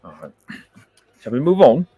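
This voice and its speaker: A man's voice: a little high, lively intonation, normal speed, husky, no room sound, muffled recording. A man with a British accent hosting a livestream, giving brash, profane and boastful commentary into a close mic at home. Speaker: livestream host.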